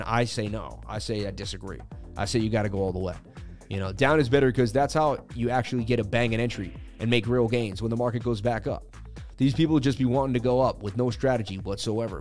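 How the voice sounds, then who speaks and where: A man's voice: medium pitch, darkish tone. Chatty man hosting a live market stream. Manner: chatty, joking, slangy. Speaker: crypto chart analysis livestream host. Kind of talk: casual live market commentary.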